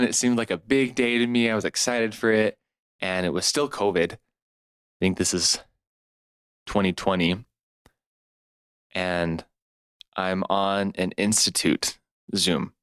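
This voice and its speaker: A man's voice: deep voice, slow pace, long pauses, fairly bright tone, clear, resonant tone, no echo. A young man in his twenties from California, earnestly telling a heartfelt personal story as a podcast guest. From California, USA. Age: 20s. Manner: earnest and heartfelt, laughs at himself.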